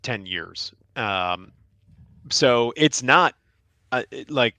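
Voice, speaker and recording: A man's voice: medium pitch, expressive, extremely slow, pushed and bright, no room sound. A man co-hosting a sports podcast, reading listener questions with a wry, joking manner. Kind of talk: casual sports podcast chat.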